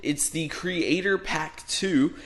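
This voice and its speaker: A man's voice: a little high, slow, a little hiss or hum. Upbeat young man with a cold. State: stuffy nose from a cold. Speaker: podcast co-host. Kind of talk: casual gaming podcast chat.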